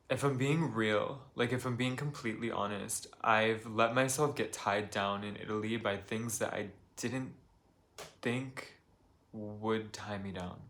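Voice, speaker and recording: Calm, low-voiced man vlogging. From United States. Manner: calm, soft-spoken, rambling with many fillers. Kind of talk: confessional vlog talk. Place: his apartment.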